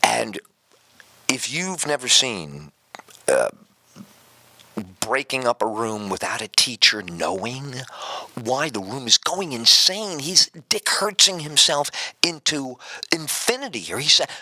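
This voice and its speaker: A man's voice: medium pitch, takes it slowly, pauses often, no echo. A male radio talk show host telling a comic story as a rambling monologue and acting out the voices in it. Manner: animated, rambling storyteller who acts out voices.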